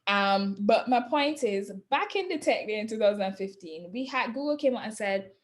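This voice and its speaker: A woman's voice: mid-range voice, lively intonation, normal speed. A woman giving a casual webinar presentation on digital marketing, chatty, laughing often and checking in with "right?". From not from Jamaica.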